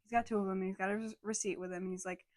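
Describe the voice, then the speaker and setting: A young woman co-hosting a podcast, telling a story in a casual, animated way and saying "like" often. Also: mid-range voice, racing. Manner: animated storytelling, heavy use of "like". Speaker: podcast co-host.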